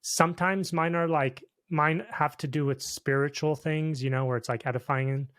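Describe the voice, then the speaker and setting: A man's voice: a little high, normal speed, no echo. Laid-back man, dry close sound. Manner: relaxed, checks in with the listener, says "dude" and "okay?". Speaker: podcast co-host. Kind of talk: casual chat.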